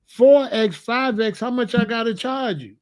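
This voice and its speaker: A man's voice: extremely high pitch, measured pace. A man hosting a reaction commentary, arguing his point through repeated rhetorical questions. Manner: argumentative, piling up rhetorical questions. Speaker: commentary host.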